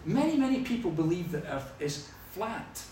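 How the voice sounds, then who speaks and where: Speaking at a moderate pace in a high voice, the pastor, a man from Scotland, preaches with lively and humorous storytelling. The recording picks him up from a distance in an echoing hall, with a little hiss or hum.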